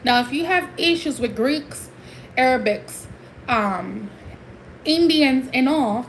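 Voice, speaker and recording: A woman's voice: high voice, expressive, slow, slight background noise, low-quality recording. Heated Puerto Rican woman ranting on a livestream. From Puerto Rico. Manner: heated, emphatic, switching between English and Spanish. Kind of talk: casual livestream rant.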